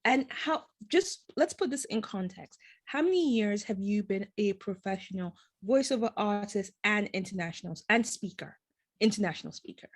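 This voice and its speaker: A woman hosting an interview show chats casually with a guest, sharing her own stories in an encouraging, self-deprecating way. Her mid-range voice has lively intonation and moves at a normal speed.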